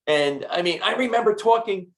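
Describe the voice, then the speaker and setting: A middle-aged man hosting a health podcast, telling stories in an animated, repetitive way. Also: sits high, normal speed. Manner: animated storyteller, repeats words. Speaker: podcast host and doctor. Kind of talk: casual interview chat.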